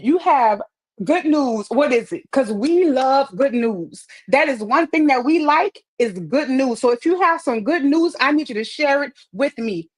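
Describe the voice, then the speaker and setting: A woman runs a motivational live-stream chat, replying to viewers with upbeat encouragement and often repeating phrases to stress them. She speaks into a wireless earpiece, and her voice sits high.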